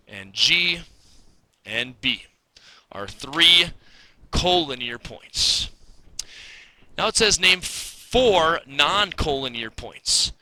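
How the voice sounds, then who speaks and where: A man's voice: mid-range voice, pushed and bright, rough recording. A man teaching a recorded math lesson, explaining step by step in a casual, patient way.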